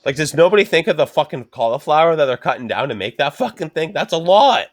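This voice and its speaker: A man's voice: a little high, fast, no room sound. A man on a podcast telling a rambling, profanity-filled story and acting out the other people in it. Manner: profane, animated storytelling with acted quotes. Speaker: podcast co-host. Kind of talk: casual chat, storytelling.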